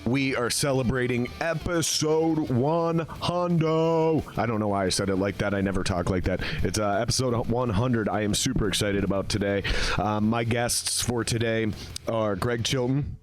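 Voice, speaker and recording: A man's voice: on the low side, little pitch movement, moderate pace, soft background music. Crude, joking male podcast host. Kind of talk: casual podcast intro and read ad.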